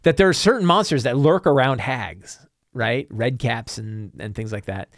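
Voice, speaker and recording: A man hosting a talk show, chatting casually and answering viewer questions in a rambling, animated way. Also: mid-range voice, moderate pace, dry recording, studio quality. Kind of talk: casual chat.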